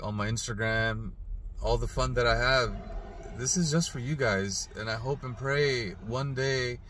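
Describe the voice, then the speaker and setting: A middle-aged father speaking earnestly in a heartfelt personal video message, halting and emotional at times. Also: mid-range voice, a bit bright, a little hiss or hum. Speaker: father posting an apology video.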